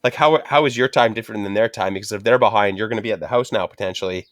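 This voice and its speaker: A man's voice: fairly low pitch, racing, no echo. A middle-aged man telling a frustrated story in casual chat, swearing constantly and ranting. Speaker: podcast host.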